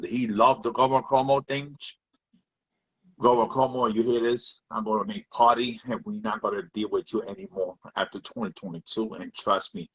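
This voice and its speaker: A man's voice: mid-range voice, a bit bright, breathy edge, lo-fi sound. A man giving a heated, repetitive rant on a live video. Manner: heated, repetitive, swears often. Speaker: live video chat participant.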